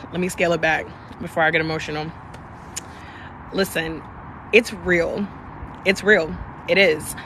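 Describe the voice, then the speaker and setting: A woman's voice: lowish voice, steady tone, measured pace, pauses often, noisy background. A young woman hosting a live stream, talking candidly and passionately with plenty of profanity. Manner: candid and profane, emphatic, shifts between passion and softness. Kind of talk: casual live-stream talk.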